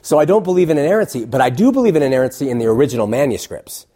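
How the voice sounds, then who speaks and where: Animated and rapid-fire, a middle-aged man with a mellow, medium-pitched voice talks bluntly and emphatically. He hosts a call-in show and is appearing here as a guest in a casual interview.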